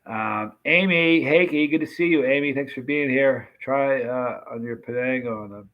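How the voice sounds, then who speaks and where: A man's voice: medium pitch, moderate pace, muffled recording. A man hosting a live stream, chatting and reading comments while his mouth burns from a very hot pepper extract, gasping and exclaiming. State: burning mouth, hiccuping.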